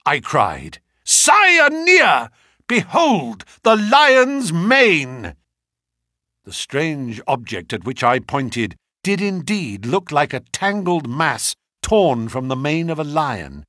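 A man giving a scripted narration of a classic detective story, telling it in the first person in an expressive, dramatic way. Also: mid-range voice, no room sound, studio quality. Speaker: audiobook reader.

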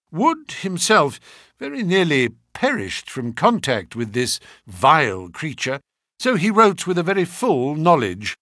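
Expressive man reading a detective story. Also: a little high, no echo, clean studio sound. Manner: expressive, dramatic first-person telling. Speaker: audiobook reader. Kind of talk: scripted narration of a classic detective story.

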